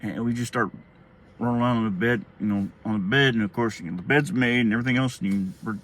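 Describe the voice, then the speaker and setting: A man's voice: medium pitch, fast, a bit bright. A middle-aged man, telling a childhood story in a casual, rambling way, often laughing and acting out quotes. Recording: faint background noise.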